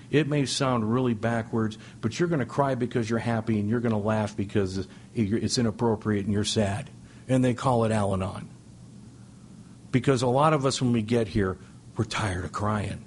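A middle-aged man speaking to a recovery meeting, telling stories with jokes and sudden excited jumps in his voice. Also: slight background noise. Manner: animated, joking, with sudden high-pitched exclamations. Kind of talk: humorous storytelling share. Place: speaking before a meeting audience.

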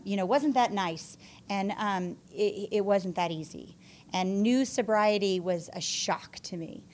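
Candid woman telling her own story. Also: mid-range voice. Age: adult mother. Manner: candid, self-mocking storytelling, laughing through it. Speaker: speaker sharing her story at a support group meeting. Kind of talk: personal recovery testimony.

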